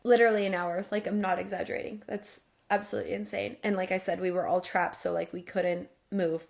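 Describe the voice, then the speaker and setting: Creaky-voiced young woman chatting. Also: medium pitch, steady tone, brisk. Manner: chatty, heavy use of "like" and "literally". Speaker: podcast co-host. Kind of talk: casual chat.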